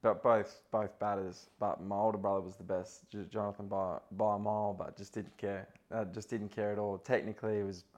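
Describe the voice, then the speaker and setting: A man's voice: fairly low pitch, level tone, a little fast, hardly any pauses, darkish tone, muffled recording. A man in his thirties with an Australian accent, a footballer guest telling stories in a casual podcast chat, with many fillers and restarts.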